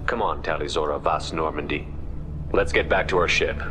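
Video game: kind male starship captain, low calm voice, game music behind. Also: moderate pace. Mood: reassuring.

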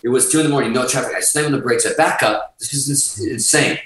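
A man's voice: mid-range voice, fast talker. Profane storytelling man, roomy distant sound. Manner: animated, swears constantly, restarts sentences. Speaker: guest musician.

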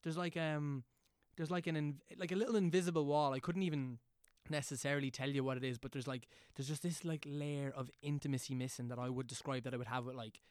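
A man's voice: mid-range voice, steady tone, fast, hardly any pauses, clean tone, no room sound, studio quality. A man hosting a casual chat, speaking hesitantly and thoughtfully with lots of filler words.

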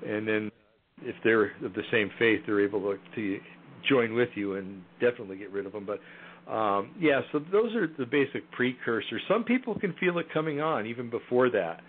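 A man's voice: medium pitch, expressive, normal speed. A man guest in a casual interview, talking hesitantly with many fillers and restarts. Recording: tinny phone line.

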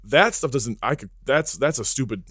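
A man's voice: mid-range voice, expressive, moderate pace, a bit bright, breathy edge, dry recording, clean studio sound. A man who is a podcast guest and fitness entrepreneur, talking in a blunt, joking way with plenty of asides in casual chat.

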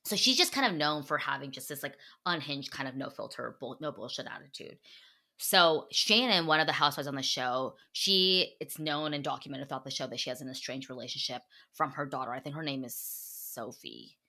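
Low-pitched, bright-toned gossiping woman. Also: animated, fairly quick. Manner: chatty, full of "like" fillers and swearing. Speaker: podcast host. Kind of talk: casual gossip chat.

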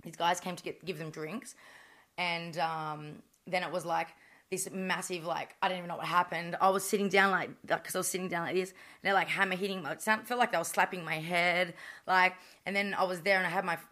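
An Australian woman telling stories as a podcast guest, animated and blunt, with plenty of swearing. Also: lowish voice, fairly quick. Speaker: guest, professional boxer. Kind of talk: casual storytelling.

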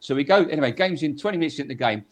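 A man's voice: a little high, expressive, rapid-fire. An older man, a former football referee, telling stories on a podcast in a chatty way, repeating words and acting out quotes. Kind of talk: anecdotal storytelling on a podcast.

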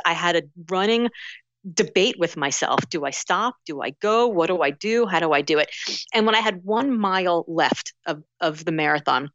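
A middle-aged woman telling lively personal stories as an interview guest, acting out voices with frequent restarts. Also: fairly low pitch, normal speed, no room sound. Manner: animated, acts out inner voices, many restarts. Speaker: guest author. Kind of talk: casual interview storytelling. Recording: dull lo-fi sound.

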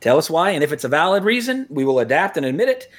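A podcast host in his forties chatting loosely. His voice sits a touch higher than most men's. He rambles, restarts his sentences and chuckles often as he goes. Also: big pitch swings, quick pace. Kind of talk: casual podcast chat.

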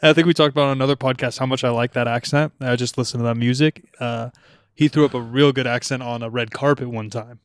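A man's voice: mid-range voice, steady tone, fast talker, clear, resonant tone, no room sound. A young man from Portland rambles through a casual podcast chat, swearing often and laughing along. His voice sits in a middle register and sounds dry and close to the mic, with no room around it. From Portland, Oregon. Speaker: podcast host.

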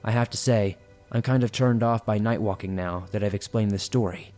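A man's voice: on the low side, brisk, warm tone, soft background music. A man reading listener horror stories aloud in a suspenseful storytelling manner.

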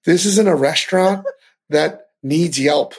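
A man hosting a podcast, ranting in casual, profane commentary with animated outbursts. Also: on the high side, slow, breathy edge. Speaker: podcast host.

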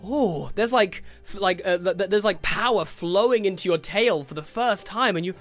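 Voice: medium pitch, normal speed, a bit bright, faint music behind. A game master, narrating a tabletop game casually, with lots of fillers and laughter. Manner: casual, full of fillers and giggles.

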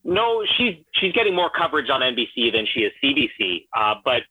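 A man's voice: mid-range voice, sing-song, brisk, husky. A man joining a casual chat remotely, easygoing and dryly joking. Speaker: remote guest. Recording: tinny phone line.

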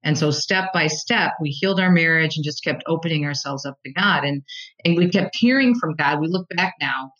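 An American woman, a Catholic talk show host, telling her story as a guest in a conversational interview, animated and restarting her sentences often. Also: sits low, brisk, lo-fi sound. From United States. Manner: animated storyteller, repeats words when starting sentences.

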